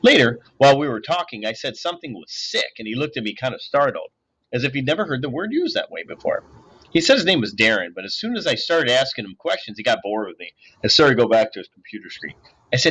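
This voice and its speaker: A man reads a novel aloud with lively, animated storytelling, his pitch swinging freely. His voice is bright and a little sharp, with a husky edge. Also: fast. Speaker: audiobook reader.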